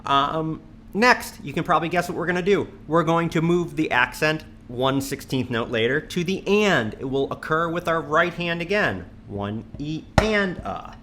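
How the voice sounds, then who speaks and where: Drum teacher guy, bright voice, patient, counting sixteenths, faint metronome clicks. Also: normal speed, slight background noise. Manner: patient, repeats counts in a low steady voice. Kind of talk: instructional lesson, counting aloud. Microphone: studio mic on a stand near the kit.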